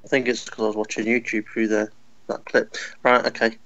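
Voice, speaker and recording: A man's voice: lowish voice, level tone, brisk, fairly bright tone, no echo, dull audio. A man co-hosting a casual comedy podcast, full of crude jokes. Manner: crude, joking. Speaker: podcast co-host.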